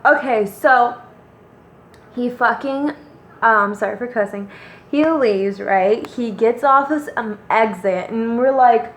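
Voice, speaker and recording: A young woman casually telling a story to her viewers, animated and slangy, calling them "girl". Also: on the high side, unhurried. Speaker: vlogger. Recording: roomy echo.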